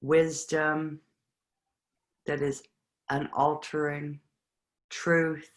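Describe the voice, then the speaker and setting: A participant in a spiritual study group, sharing personal reflections in a halting, reflective way with pauses between words. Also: mid-range voice, little pitch movement.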